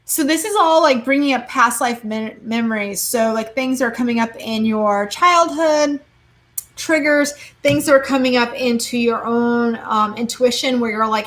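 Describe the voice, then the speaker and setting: A young woman reading tarot cards in a casual live-stream chat, quick and chatty, saying "like" and "okay?" a lot. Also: on the high side, fairly bright tone. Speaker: tarot card reader.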